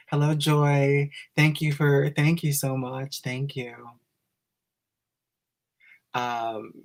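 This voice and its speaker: A man hosting a live stream, gushing and giggling as he greets viewers by name, emotional and close to tears. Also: lowish voice.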